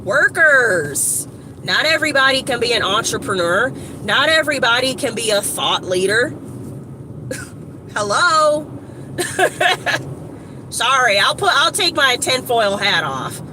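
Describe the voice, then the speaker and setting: A woman from Evanston, Illinois, giving a casual, rambling motivational talk to her phone camera outdoors, slangy and animated with lots of asides. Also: fairly high pitch, takes it slowly, long pauses. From Evanston, Illinois, USA. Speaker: motivational vlogger. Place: outdoors by a street with shops. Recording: outdoor traffic noise.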